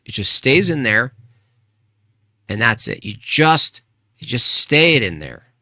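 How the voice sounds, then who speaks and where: A man's voice: mid-range voice, big pitch swings, a little slow, sharp tone, no room sound, studio quality. A man hosting a casual live stream, arguing with chat and asking pointed rhetorical questions. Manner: argumentative, rhetorical questions, restarts.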